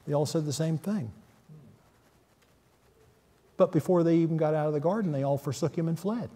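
A man's voice: on the high side, moderate pace, dark tone. A man preaching a sermon, earnest, with sudden emphatic peaks. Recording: long hall reverb.

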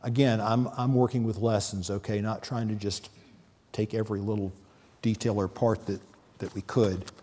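A man's voice: lowish voice, fairly even intonation, moderate pace, dark tone. A man preaching a sermon, earnest, with sudden emphatic peaks. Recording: long hall reverb.

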